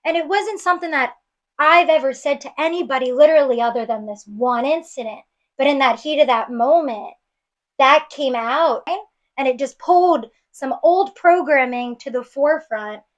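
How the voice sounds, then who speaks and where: A woman from New York City with a high voice speaks at a moderate pace as a podcast guest auditioning to be co-host. She earnestly retells a painful personal story with many restarts, and the sound is lo-fi.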